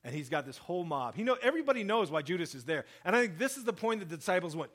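Animated man preaching a sermon. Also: very fast, hardly any pauses, breathy edge. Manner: animated, acts out quoted speech, lively shifts in pitch and volume. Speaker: pastor. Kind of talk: sermon, Bible reading and commentary.

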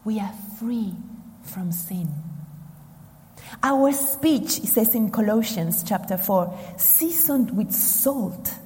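A woman from Argentina preaching a sermon, slow and emphatic with dramatic pauses, in a church hall. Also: medium pitch, animated, darkish tone. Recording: long hall reverb.

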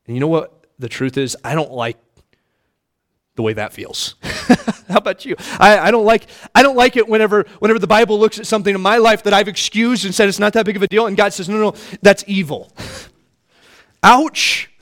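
A man's voice: high voice, a little fast, fairly bright tone. A man in his thirties preaching a sermon as pastor, telling family stories in a folksy, joking way with many restarts.

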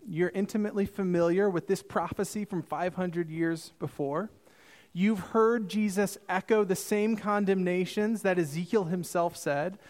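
A man preaching a sermon as pastor, earnest and emphatic, slowing down for quoted scripture. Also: high voice.

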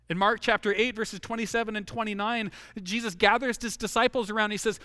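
A middle-aged man delivers a sermon in a high, bright voice, recorded close and dry. He is earnest and keeps returning to his key phrases, sinking lower and slower to drive them home. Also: fairly even intonation, no echo. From Washington state. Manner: earnest, repeats key phrases, drops low and slow for emphasis. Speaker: pastor.

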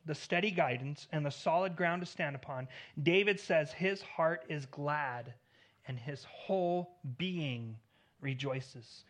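A pastor with a high, bright voice preaches earnestly, getting louder on key points and going soft at the ends of phrases. Now and then he repeats a word as he restarts.

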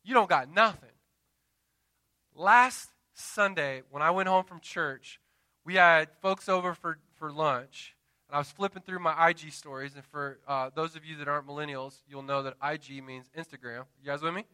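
Pastor, man, 30s; passionate sermon delivery with call-and-response asides, tense, sharp tone, close and dry. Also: fairly high pitch, smooth, no echo. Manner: impassioned preaching with dramatic pauses and call-and-response asides. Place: church.

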